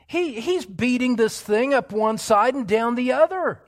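A male pastor preaching an expository sermon in a church, emphatic, dropping to hushed asides and rising to loud exclamations. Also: very high voice, animated, measured pace, few pauses.

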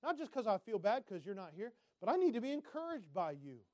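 A male pastor preaching a sermon, swinging between loud emphatic lines and quiet asides and asking the congregation direct questions. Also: high voice, very animated, brisk, dry recording.

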